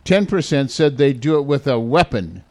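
A man's voice: mid-range voice, big pitch swings, normal speed, darkish tone. A man hosting a morning radio show, chatting casually with filler uhs and chuckles.

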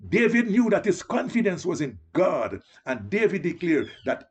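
Male preacher, high and animated, slightly husky, exhorting his flock. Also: unhurried, highs cut off. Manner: exhorting, repeatedly addressing listeners as beloved. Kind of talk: sermon.

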